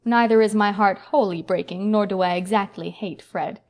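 A woman's voice: medium pitch, moderate pace, a little mellow, close to an everyday voice. Woman reading dreamy romantic young heroine. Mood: playful. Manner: wistful, sentimental storybook speech. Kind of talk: audiobook character voice.

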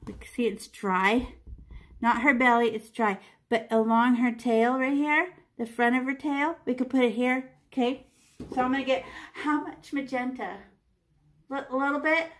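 A woman's voice: high-pitched, steady tone, normal speed. A woman art teacher leading a children's painting lesson step by step, chatty and playful, with little sound effects and voices.

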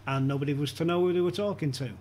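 A podcast guest with a rather high, racing voice tells a casual anecdote, acting out quoted lines as he goes. The storytelling chat is animated, with quoted voices and laughter.

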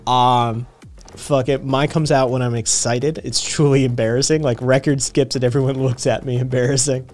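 A man's voice: mid-range voice, little pitch movement, moderate pace, a little mellow. A man with a slight Tennessee accent, rambling casually on a live stream, swearing freely and laughing often. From Vermont and Tennessee.

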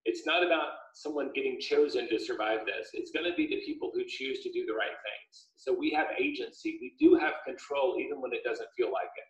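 A man, an author speaking as a guest, chatting casually on a video call with a steady, upbeat, explanatory manner. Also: mid-range voice, brisk, few pauses. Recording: echoey room, dull lo-fi audio.

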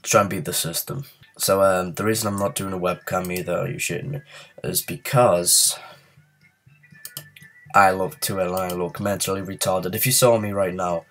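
A man's voice: low-pitched, level tone, normal speed, fairly bright tone, faint music behind. A man who is ill, giving let's play commentary while playing a game, frustrated and muttering curses at it. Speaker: gaming channel host.

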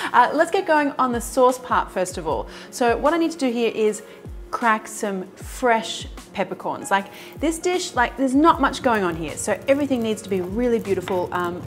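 A woman demonstrates a recipe as a cooking show host, chatting warmly and eagerly to the viewers as she works. She laughs easily and keeps up a lively patter from her kitchen. Soft music plays quietly underneath. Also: on the high side. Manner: chatty and enthusiastic, talks straight to viewers.

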